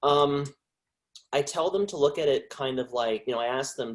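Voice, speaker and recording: Halting male voice actor guest. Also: medium pitch. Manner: halting, with frequent restarts and trailing phrases. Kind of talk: casual interview chat.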